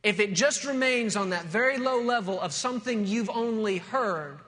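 A man's voice: sits high, lively intonation, normal speed, bright, forceful tone, in a large hall. A male pastor preaching a sermon, telling a story and building to emphatic, rising points.

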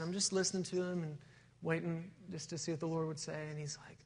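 A man's voice: a little high, steady tone, fast talker, bright, forceful tone, in a large hall, a little hiss or hum. A male pastor preaching a sermon, telling a story and building to emphatic, rising points.

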